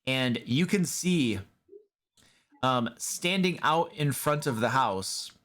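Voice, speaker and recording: A man's voice: medium pitch, lively intonation, slow pace, fairly bright tone. A man narrating a tabletop game as dungeon master, in a loose, rambling way with many fillers.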